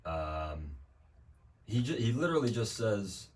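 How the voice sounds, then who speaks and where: A young man with a very low, deep voice rambles casually over his gameplay. He drifts between dry jokes and swearing. He sits some distance from the mic, with a faint hiss behind him. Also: normal speed, pauses often. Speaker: streamer.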